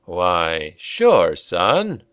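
A man reading the part of a dead father who returns, speaking slowly and gently like a patient old dad. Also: low-pitched, huge pitch swings, smooth, no room sound, studio quality, pitched below the performer's own voice, exaggerated voice. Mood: calm. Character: calm, ghostly older father smoking a pipe.

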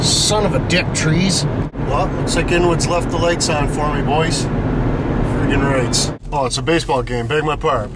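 A man's voice: on the high side, very noisy. A young man, telling rambling stories in a crude, slangy way to his viewers. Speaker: vlogger. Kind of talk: rambling casual storytelling. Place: in a vehicle on the road.

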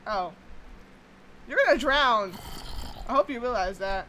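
A woman's voice: on the high side, lively intonation, a little slow, long pauses, fairly bright tone, slight background noise, low-quality recording. A young woman chatting and exclaiming casually through her own game commentary, swearing now and then when annoyed. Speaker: gaming YouTuber. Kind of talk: casual let's-play commentary.

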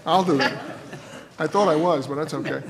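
A man's voice: fairly high pitch, moderate pace, creaky, a loud crowd. A man serving as a state senator, questioning a witness at a hearing in a folksy, joking, long-winded way. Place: legislative hearing room. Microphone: table microphone, at first switched off. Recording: echoey distant hearing-room audio with noise.

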